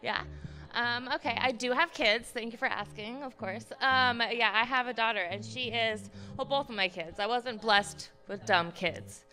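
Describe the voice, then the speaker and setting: A woman's voice: a little high, moderate pace, bright, forceful tone, faint music behind. A woman in her thirties doing a self-deprecating stand-up set about her kids at a live comedy show, with lots of ums. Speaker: stand-up comic. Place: live comedy club stage.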